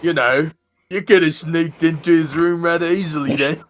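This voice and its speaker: A man's voice: fairly high pitch, steady tone, normal speed, slight background noise, close to an everyday voice. A man voicing a sly, courtly young man who speaks in honeyed, teasing formal phrases, in an amateur game read-through.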